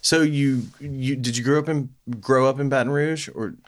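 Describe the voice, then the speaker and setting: A man's voice: medium pitch, fairly even intonation, normal speed. A man hosting a casual chat, easygoing and joking, with many short agreements.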